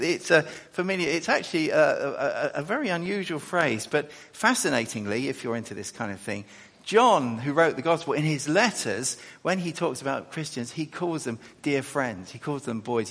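A man preaches in a hall, and his words ring out with a long echo. His pitch leaps and dips as he talks, his voice has a gravelly edge, and he breaks off into chatty asides. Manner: animated, chatty asides, self-correcting. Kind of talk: sermon with scripture reading. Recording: echoey hall.

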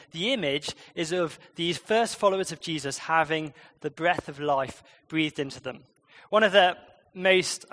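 A man preaching a conversational sermon in church, with lively changes in loudness and pace. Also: fairly high pitch.

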